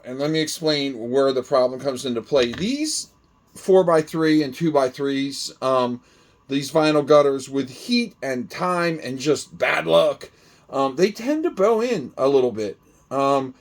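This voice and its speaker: A man's voice: mid-range voice, a little hiss or hum. A man talking casually through a do-it-yourself how-to video, rambling and friendly, with many ums and uhs. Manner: rambling, filler-heavy, friendly. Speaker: hobby grower demonstrating gutter parts.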